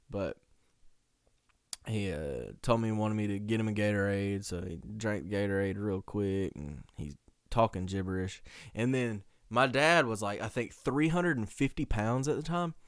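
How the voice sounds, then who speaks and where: Young male podcast host, animated and slangy, with a smooth tone and close, dry mic sound. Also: lowish voice, no room sound. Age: young adult. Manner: animated, slangy, laughs often. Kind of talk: casual storytelling.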